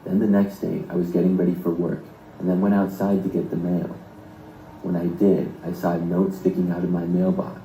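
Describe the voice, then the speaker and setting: A man reads a first-person horror story aloud in a steady, unhurried delivery. His voice sits very low, with a dark, mellow tone. The recording has a roomy echo and a faint hiss behind it. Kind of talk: scripted first-person narration.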